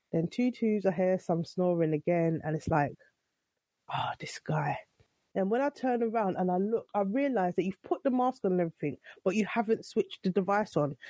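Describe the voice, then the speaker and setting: A woman's voice: medium pitch, mellow, no echo. A young adult woman telling her side of a story in a casual, exasperated way, acting out what was said. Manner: exasperated, retelling with quoted dialogue.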